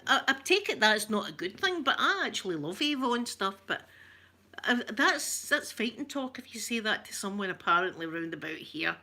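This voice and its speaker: Chatty Scottish woman, bright laughing voice. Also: mid-range voice, sing-song, moderate pace. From Scotland. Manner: chatty, laughs often, jokes with viewers; broad, rough-edged local speech. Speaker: ASMR livestream host. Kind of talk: casual chat.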